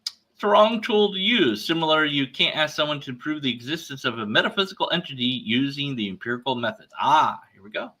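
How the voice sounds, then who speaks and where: Reading through an online debate exchange, an atheist commentary streamer rants in exasperation with a fairly high, husky voice that sounds pushed and bright. He dramatizes small scenes, quoting store clerks in character.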